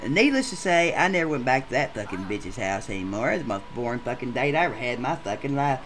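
Male actor for a foul-mouthed cartoon gameshow contestant, bright and forceful, with a very lively pitch and rambling, profane delivery. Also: fast talker, slight background noise. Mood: ranting. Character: crude rowdy adult male gameshow contestant. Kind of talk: comedic machinima voice acting.

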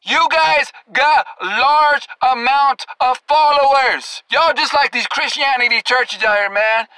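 A man's voice: very high voice, slow, sharp tone, clean tone, no echo, poor audio. A male preacher delivering an angry, confrontational sermon, scolding and cursing at his listeners and drawing out scripture verses for emphasis.

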